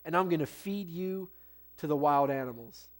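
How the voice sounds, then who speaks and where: A man's voice: on the high side, normal speed, natural voice. A man voicing a fearless young shepherd boy hero, talking bold, defiant trash to a giant, told during a sermon.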